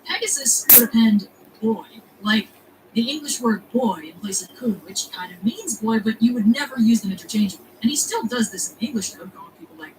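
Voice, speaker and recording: Fast-talking woman video essayist. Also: on the high side, lively intonation. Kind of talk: explanatory video essay narration. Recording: noticeable background noise.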